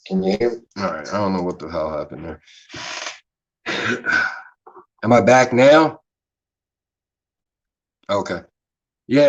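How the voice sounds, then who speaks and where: A man's voice: sits low, highs cut off. A man with a Philadelphia accent hosting a casual livestream chat, rambling and swearing freely in a laid-back way. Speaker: livestream host.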